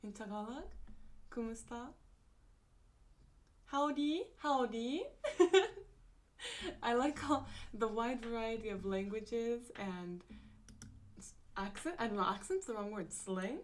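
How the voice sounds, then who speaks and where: A woman with a fairly high voice chats casually on a livestream from a room at home. She greets viewers one by one and answers the chat in a bubbly way, laughing often. She sounds a little sleepy. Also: expressive, takes it slowly, pauses often. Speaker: livestream host. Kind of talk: casual chat reading a live chat.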